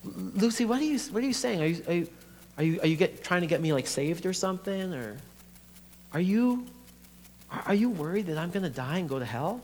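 A man voicing a frightened young man facing serious illness, halting and stammering, in an echoey hall with a faint hum. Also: fairly high pitch, lightly acted. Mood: anxious.

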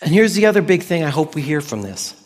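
A male pastor giving a casual, conversational sermon, drawing out key words slowly for emphasis. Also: a little high, big pitch swings. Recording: long hall reverb.

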